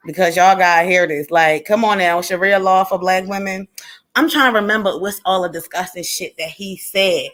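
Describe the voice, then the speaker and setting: A woman whose voice sits on the low side, with some brightness, co-hosts a livestream in casual chat. She speaks bluntly and with animation, swears freely, and laughs often.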